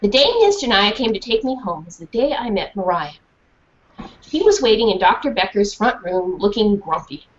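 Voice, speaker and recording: In a dull, lo-fi recording with a bit of hiss or hum, a woman who writes children's books reads a story aloud to a classroom. Her voice is mid-range at a normal speed, and she animatedly quizzes the class.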